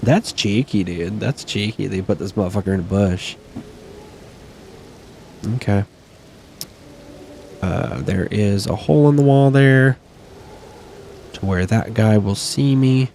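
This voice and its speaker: With a fairly low, gravelly, slightly mellow voice, the streamer chats through his own game amid slight background noise. He swears, talks back at enemies, and sniffles by his desk mic, all in a casual, chatty way.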